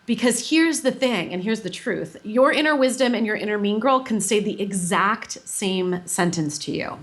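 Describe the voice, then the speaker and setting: A woman coach explains her ideas at length and patiently, in a mid-pitched voice. She sounds warm and unhurried, and her voice drops soft and low when she voices gentle advice. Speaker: coach, guest. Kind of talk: explanatory interview answer.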